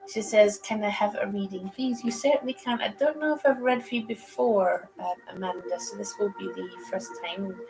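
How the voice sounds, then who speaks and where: A woman's voice: medium pitch, poor audio. A woman giving casual livestream tarot readings, chatty and rambling, laughing easily between cards. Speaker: psychic reader on a livestream. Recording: music playing behind.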